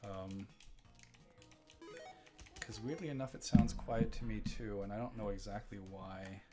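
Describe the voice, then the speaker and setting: A man's voice: fairly low pitch, steady tone, unhurried, over loud music. Chatty man hosting a game stream. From Germany. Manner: chatty, rambling, reads chat aloud and laughs often. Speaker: live-stream host. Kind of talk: casual live-stream gameplay chat.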